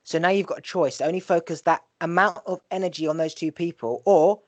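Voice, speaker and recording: Animated podcast host man, fairly high voice. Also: a little fast, dry recording. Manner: animated, advice-giving, swears casually. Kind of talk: casual conversation.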